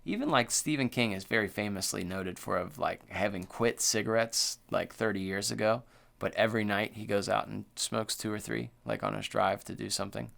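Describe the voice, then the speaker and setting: A man co-hosting a horror podcast, talking in a loose, profane, excitable way and filling his speech with "like" and "dude.". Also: lowish voice, fairly quick, vocal fry. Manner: animated, profane, full of "like" and "dude". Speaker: podcast co-host. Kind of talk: casual chat.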